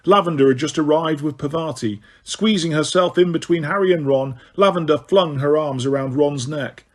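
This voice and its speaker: A man's voice: on the high side, moderate pace. A man reading a novel aloud as an audiobook narrator, with occasional stumbles and restarts. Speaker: audiobook reader.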